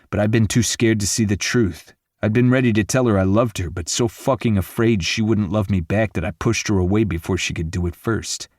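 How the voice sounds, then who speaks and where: Low-voiced male audiobook narrator, brooding. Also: a little mellow, no echo, studio quality. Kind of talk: first-person romance audiobook narration.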